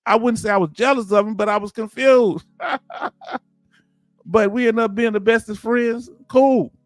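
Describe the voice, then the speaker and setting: Animated Southern man, slightly high voice. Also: measured pace, no echo, soft background music. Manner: animated, preachy, rhetorical questions. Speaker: livestream host. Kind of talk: casual livestream talk.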